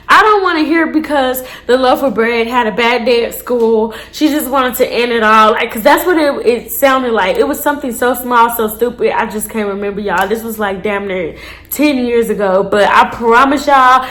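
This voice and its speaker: A young woman with a slightly high voice tells a story straight to her viewers, animated and blunt. She swears freely and throws in slangy asides. The room gives her voice a noticeable echo. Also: moderate pace. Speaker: storytime vlogger. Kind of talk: casual storytime monologue. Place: indoors, seated on a chair.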